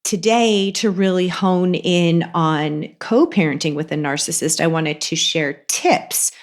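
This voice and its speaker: A woman hosts a podcast on her own, her voice a little congested. She speaks in a fairly low register. Her talk is loose and conversational. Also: unhurried. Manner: chatty, conversational with fillers. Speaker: podcast host. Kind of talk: casual podcast monologue.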